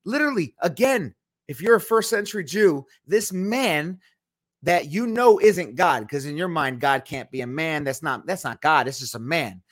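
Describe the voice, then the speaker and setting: A man's voice: on the high side, lively intonation, moderate pace, dry recording, studio quality. Emphatic man teaching Bible study. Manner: emphatic and argumentative. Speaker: podcast host teaching the Bible.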